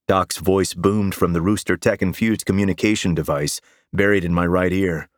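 Man, audiobook narrator, first-person, wry deadpan, lowish voice, dry close mic. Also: normal speed, dry recording.

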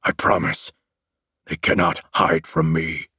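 A man voicing a towering, mocking male demon monster with a gravelly growl, speaking slowly in an audiobook reading. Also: extremely low pitch, flat delivery, bright, forceful tone, dry recording, clean studio sound, voice pushed down, exaggerated voice. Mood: taunting. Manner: slow, taunting, deliberate.

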